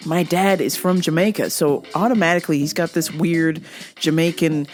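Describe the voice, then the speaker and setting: A woman from the United States hosting a casual podcast, animated, laughing often and swearing freely. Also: deep voice, normal speed, soft background music. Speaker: podcast host.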